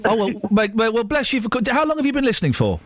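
A man's voice: very high voice, big pitch swings, racing, a bit bright. A man hosting a live radio phone-in from a studio, teasing callers in a playful, rambling way. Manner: teasing, playful, lots of restarts. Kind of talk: casual radio phone-in chat.

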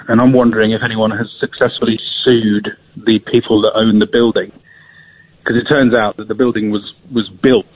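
A man calling a radio show on a tablet headset, talking hesitantly with many pauses. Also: on the low side. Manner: hesitant, many ums, earnest. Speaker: caller. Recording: dull lo-fi phone-in audio.

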